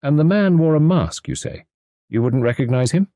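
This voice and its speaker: A man's voice: fairly high pitch, expressive, normal speed, mellow, dry recording, clean studio sound, voice pushed up, natural voice. A man reading an audiobook, voicing a matter-of-fact, authoritative doctor. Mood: businesslike. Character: brisk, authoritative male doctor.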